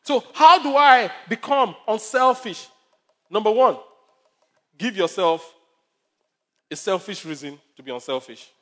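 A man's voice: high-pitched, lively intonation, a little slow, pauses often, pushed and bright. A male pastor preaching a sermon with numbered points, stories and humor.

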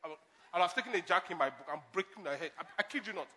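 A man preaching a sermon, animated, moving between loud emphasis and quiet asides and laughing at his own stories. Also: high-pitched, racing. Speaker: pastor.

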